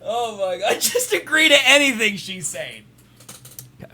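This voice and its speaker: A high-pitched man with a very bright, animated voice banters on a podcast. He teases his co-host relentlessly and breaks into laughter often, his pitch leaping around as he jokes. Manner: teasing, quick to laugh. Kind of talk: casual chat.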